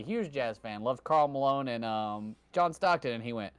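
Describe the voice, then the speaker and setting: A man co-hosting a trivia stream, chatting casually and cracking jokes. His voice sits at an ordinary middle pitch, recorded close and dry with no room sound. Now and then he slips into playful put-on accents. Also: very animated, brisk, few pauses, no room sound, soft background music. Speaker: trivia host. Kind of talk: casual chat.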